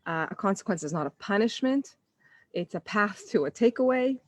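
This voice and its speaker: A woman's voice: medium pitch, animated, moderate pace, no echo. A woman parenting coach speaking casually on a live stream, telling stories and acting out quoted dialogue.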